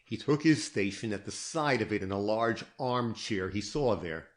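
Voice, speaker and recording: In a voice on the low side, a man narrates an audiobook from a script, keeping his storytelling steady and measured.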